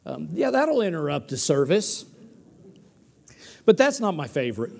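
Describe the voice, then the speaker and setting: High-voiced pastor telling sermon stories. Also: male voice, sing-song, moderate pace, vocal fry, darkish tone, husky. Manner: storytelling with restarts, building to emphatic peaks. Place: church sanctuary.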